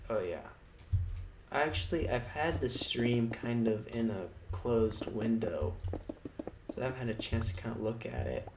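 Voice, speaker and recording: Slow, rambling sardonic male streamer. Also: medium pitch, vocal fry. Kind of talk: casual livestream chat. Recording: echoey room, noisy background.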